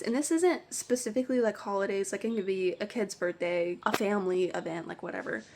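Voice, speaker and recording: A young woman telling pet store stories in an animated, exasperated rant, swearing freely. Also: mid-range voice, vocal fry. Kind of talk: storytime rant.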